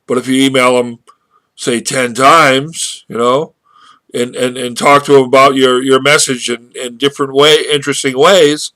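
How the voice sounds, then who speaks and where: A man's voice: medium pitch, fairly even intonation, bright, forceful tone, no echo. A man talking casually into his webcam, rambling and restarting his sentences as he tells a story and draws a marketing lesson from it. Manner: rambling, halting with many restarts. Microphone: webcam microphone.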